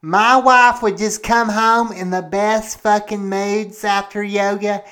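Doing a heavily acted comedic monologue, a pastor who hosts a podcast plays a slow, jealous, paranoid middle-aged husband who curses and rants, indignant and aggrieved. His voice is high, pushed and bright, with a level tone.

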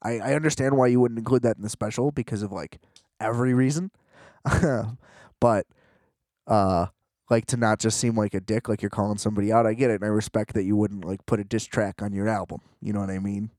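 A man hosting a podcast, delivering a casual comedic monologue with rambling, profane, animated ranting. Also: lowish voice, fairly quick, no echo, studio quality.

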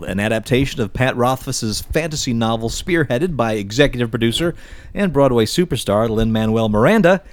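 Podcast host guy, super animated pitch, jokey, dry close sound. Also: no echo. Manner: lively, jokey, theatrical delivery. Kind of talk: casual chat, reading news segment.

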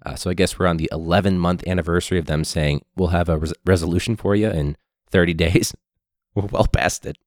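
A man who teaches high school, ranting casually with sarcasm and swearing, his throat hoarse from a recent illness. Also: fairly even intonation, brisk, no room sound, studio quality. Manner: sarcastic, profane, mocking.

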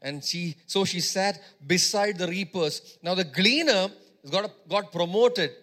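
High, bright-voiced emphatic male preacher. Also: unhurried. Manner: emphatic, repeats phrases for stress, swings between loud exhortation and quiet teaching. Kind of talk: sermon.

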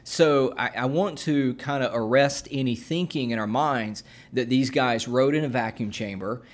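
A man in casual conversation, explaining at an easy pace with frequent fillers and restarts, like a co-host teaching on a talk show. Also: mid-range voice. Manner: unhurried, with many fillers and restarts. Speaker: podcast co-host explaining scripture.

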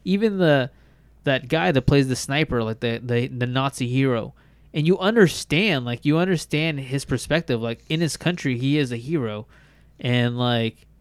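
A man's voice: mid-range voice, normal speed, smooth, dry recording. A man co-hosting a casual podcast chat, talking enthusiastically and rambling with lots of "like". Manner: enthusiastic, rambling, heavy use of "like". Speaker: podcast co-host.

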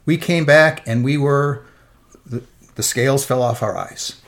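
A man's voice: mid-range voice, a little slow, fairly bright tone. A middle-aged man, an interview guest, giving an earnest and emotional personal faith testimony.

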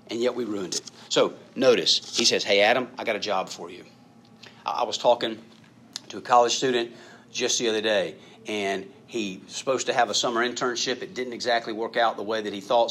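Bright-voiced man preaching a sermon. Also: fairly low pitch, a little hiss or hum. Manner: conversational, emphatic, repeats words. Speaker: pastor.

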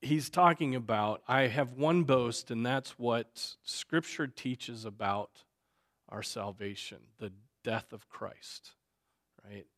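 A man, a pastor, teaching a Sunday school class in a conversational way, often stopping to ask "right?" and filling pauses with "um" and "you know". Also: mid-range voice, a bit bright. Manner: conversational, many fillers and tag questions. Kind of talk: unscripted Bible class teaching.

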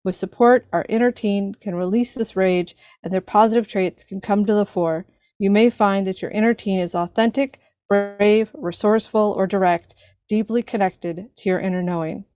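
A woman sharing personal feelings at a recovery meeting, earnest and halting as she searches for words. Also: medium pitch, fairly even intonation, dry recording, dull audio. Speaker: recovery group speaker.

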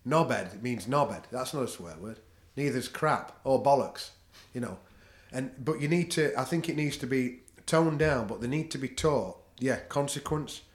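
This jiu-jitsu practitioner, a middle-aged man with a Northern English accent, is a podcast guest speaking at medium pitch and normal speed with hardly any pauses. Blunt and freely swearing, he laughs at his own stories during casual chat, recorded in an echoey room.

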